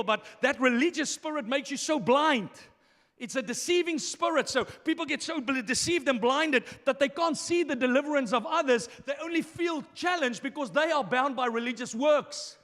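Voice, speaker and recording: A man preaching a sermon as pastor, impassioned, moving between quiet asides and shouted lines. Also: extremely high pitch, lively intonation, moderate pace, long reverb tail.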